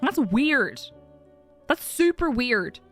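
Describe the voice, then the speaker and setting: A woman's voice: a little high, sing-song, slow pace, a bit bright, soft background music. A woman streaming a game live, chatting casually and animatedly, often laughing and swearing.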